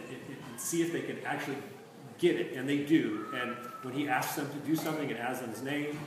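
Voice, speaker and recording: Animated man teaching literature, echoey. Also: medium pitch. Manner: animated, questioning, with restarts. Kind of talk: literature lecture with read-aloud. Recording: echoey room from far off, noisy.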